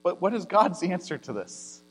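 A man's voice: high-pitched, very animated, moderate pace. Man preaching in an echoing hall. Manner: conversational preaching, swings between loud emphasis and quiet asides. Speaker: pastor. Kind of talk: sermon. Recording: long hall reverb with mains hum.

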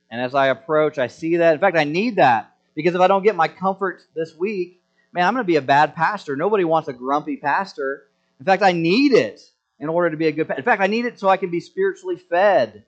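A man in his thirties preaching a sermon as a pastor, animated and self-deprecating, often acting out the voices of grumbling people. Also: fairly high pitch. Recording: slightly dull lo-fi sound.

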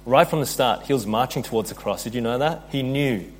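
A man's voice: mid-range voice, a little fast, slight background noise. A man preaching a sermon as pastor, earnest, reading scripture aloud and building in intensity.

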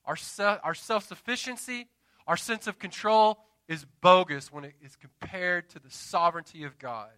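Pastor, man, 30s; passionate sermon delivery with call-and-response asides, tense, sharp tone, close and dry. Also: sits high, smooth, no room sound. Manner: impassioned preaching with dramatic pauses and call-and-response asides. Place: church.

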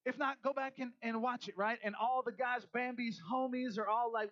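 A male pastor preaching a sermon, animated, swinging between loud emphasis and soft asides. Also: very high voice, fairly quick, hardly any pauses, dry recording, highs cut off.

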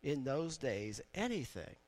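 A man preaching a sermon in a conversational way, building now and then to loud, emphatic peaks. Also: medium pitch, big pitch swings, a little slow. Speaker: pastor.

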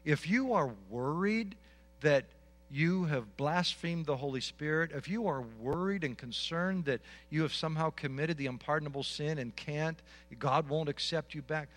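Male pastor, sermon, fairly high voice, earnest, repeats himself, builds to emphatic urging. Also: a bit bright. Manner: earnest, repeats words, rises to emphatic exhortation.

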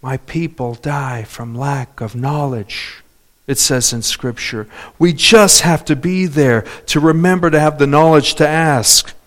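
Man, sermon preacher, fairly high voice, asks for amens, loud points and soft asides. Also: a little slow. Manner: animated, calls for amens and hallelujahs; shifts between loud preaching and quiet asides.

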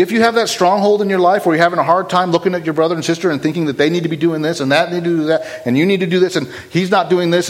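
Guy preaching a sermon, blunt and fired up, kinda high voice. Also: poor audio. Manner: blunt, impassioned, rising to urgent emphasis.

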